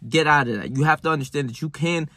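A man's voice: on the high side, fast talker, bright, forceful tone, breathy edge, dry recording, studio quality. A young man giving a blunt, profane motivational talk, full of "right?" and restarts. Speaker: self-help vlogger. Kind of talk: casual motivational monologue to camera.

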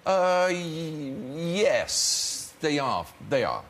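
A man's voice: a little high, sing-song, extremely slow. A man with an English accent, an actor and talk show guest, telling a wry, self-deprecating anecdote with many restarts. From England. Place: TV studio with live audience. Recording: loud studio audience laughter and noise.

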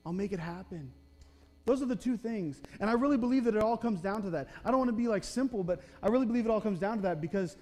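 A man's voice: high-pitched, fast talker, mellow. A young man preaching a sermon in a church, conversational and self-deprecating, often checking in with "okay?". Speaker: pastor. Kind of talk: sermon with personal storytelling. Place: church sanctuary.

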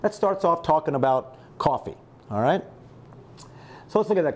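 A man's voice: on the high side, moderate pace, long pauses, slight background noise. A middle-aged man teaching a test-prep lesson, explaining step by step and checking in with his listeners again and again. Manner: lively, rhetorical, constant "right?" check-ins. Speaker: high school math teacher.

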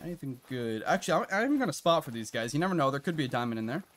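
A man streaming a hunting game live, chatting to viewers and reacting out loud to what happens on screen. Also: medium pitch, big pitch swings, very fast. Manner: chatty, reacts loudly with laughs and gasps. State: out of breath at times. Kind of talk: live gameplay commentary.

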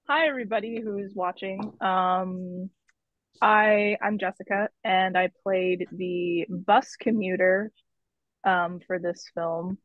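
A woman, a small-part actress, talking in a giggly, excited way on a video call. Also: mid-range voice, slow, pauses often, dry recording. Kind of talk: casual video call chat. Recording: dull, dry video call audio.

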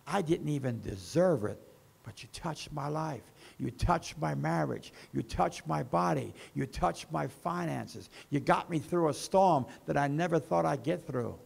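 A man preaching a sermon as pastor, with slow emphasis that rises and falls. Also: fairly high pitch, expressive, gravelly, breathy edge.

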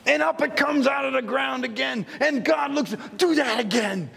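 A man's voice: extremely high pitch, moderate pace, vocal fry, pushed and bright, long reverb tail. A man who is a pastor preaching a sermon in a church sanctuary, telling stories and acting out little scenes as he goes.

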